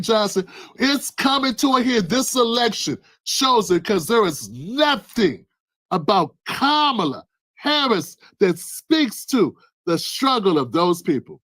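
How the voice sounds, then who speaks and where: On his own channel, a man offers passionate political talk full of repetitive rhetorical questions, at times calling a listener by name. His voice is high-pitched with a fairly bright tone.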